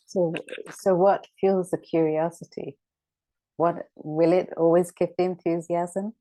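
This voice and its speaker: A woman's voice: fairly low pitch, steady tone, unhurried, warm tone, dry recording, poor audio. A woman teaching a scripture discussion class, reflective and returning again and again to key words. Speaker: spiritual teacher.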